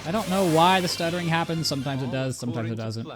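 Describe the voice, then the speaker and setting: A fast-talking man with a fairly high, animated voice rambles through casual let's-play commentary. He keeps cutting himself off and laughs easily while game music plays.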